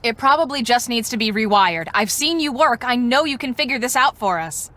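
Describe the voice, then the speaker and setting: Brief: a hurried, bossy woman storm researcher, high, bright game voice. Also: lively intonation. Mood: frantic. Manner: rushed, bossy, hurried instructions. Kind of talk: video game voice acting.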